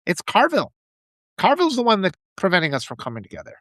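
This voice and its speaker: A man's voice: high-pitched, huge pitch swings, quick pace, fairly bright tone, no room sound. A man giving an impassioned political monologue, ranting and mimicking opponents in mocking voices. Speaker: political commentator.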